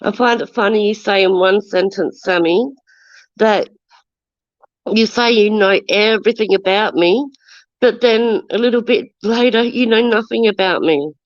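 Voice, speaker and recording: A woman's voice: mid-range voice, measured pace, no echo. An Australian woman in her forties with a stuffy nose from a cold, ranting defensively on a casual live stream and greeting viewers as she goes. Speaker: livestreamer. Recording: dull lo-fi stream audio.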